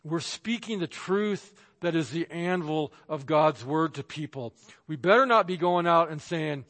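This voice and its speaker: A man's voice: a little high, animated, a little slow, a bit bright. A man preaching a sermon as pastor, emphatic, acting out the voices he quotes. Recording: long reverb of a large hall.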